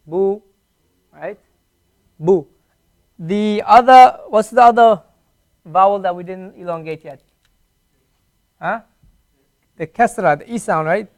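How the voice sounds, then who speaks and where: A man teaching a beginner Arabic class at a whiteboard, patiently repeating each sound slowly for his learners. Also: high-pitched.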